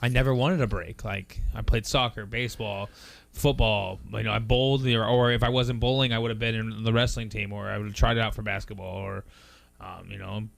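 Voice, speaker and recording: Man, low pitch, gravelly voice, sports radio panelist, wry short remarks. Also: fairly even intonation, brisk, no room sound. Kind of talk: casual sports talk.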